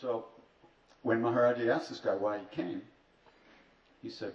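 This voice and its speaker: Here a man with a medium-pitched, slightly mellow voice talks at normal speed with fairly even intonation. He's a spiritual teacher telling funny stories to a retreat audience, sprinkling in dry, wry asides and mocking himself. The hall recording comes across distant, roomy and dull, with faint ambience.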